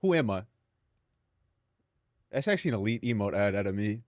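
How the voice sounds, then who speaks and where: A man's voice: on the low side, big pitch swings, a little fast, dry recording, clean studio sound. A young man streaming live, rambling casually to his chat and himself, swearing freely.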